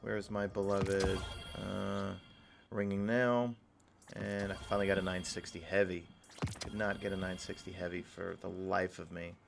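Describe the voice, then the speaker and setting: Low, gravelly, chatty gaming streamer man. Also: level tone, moderate pace, noisy background. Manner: rambling, chatty, shouts out chat viewers. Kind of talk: casual live-stream chat.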